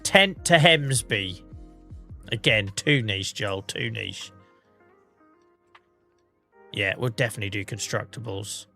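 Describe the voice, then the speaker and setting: Chatty English streamer with a cold. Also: male voice, lowish voice, takes it slowly, creaky, long pauses, bright, forceful tone, soft background music. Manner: chatty, rambling, self-mocking. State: under the weather, coughing. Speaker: livestreamer. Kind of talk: casual gameplay commentary.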